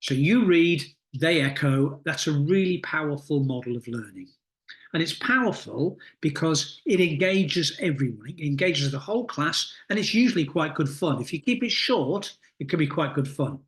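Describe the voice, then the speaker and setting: A middle-aged man coaching teachers in a recorded lesson, explaining reading techniques in a deliberate, instructive way with many pauses. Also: on the high side, expressive. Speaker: teacher trainer.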